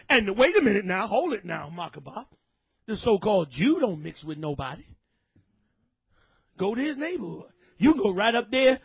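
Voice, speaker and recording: A man preaching a fiery sermon, shouting and scolding his listeners. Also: high voice, sing-song, moderate pace, vocal fry, husky, no echo.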